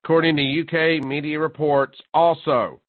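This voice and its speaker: A male talk radio host working through a mocking, sarcastic monologue and rising to loud disbelief. His voice is squeezed thin like a phone line. The sound is dry, with no room around it. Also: a little high, level tone, normal speed, no room sound. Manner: sarcastic, mocking, building to incredulous outbursts.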